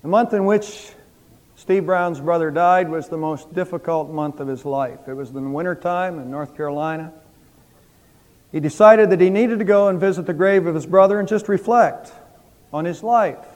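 A pastor with a high voice preaches an Easter sermon from the pulpit, building his lines to fervent emphasis. He speaks at normal speed with a darkish tone, and the church sanctuary gives the sound a long reverb.

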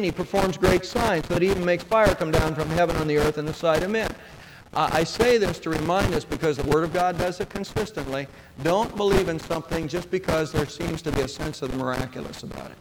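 High-voiced guy preaching a sermon in a church, long hall echo, noisy background. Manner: preaching with rhetorical questions. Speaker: pastor. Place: church sanctuary. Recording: hall reverb with clear background noise.

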